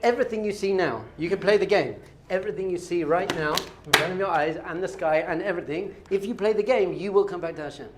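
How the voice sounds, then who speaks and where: A man leads a class as a rabbi, his voice pitched somewhat high for a man. He teaches in an animated, playful way and keeps quizzing his students. He sounds middle-aged. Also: quick pace, hardly any pauses, very noisy.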